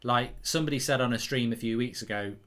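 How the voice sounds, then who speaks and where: A man hosting a live football watchalong, chatting casually and answering viewer questions in a lively way and swearing freely. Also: mid-range voice, fast. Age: older than 23. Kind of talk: casual chat.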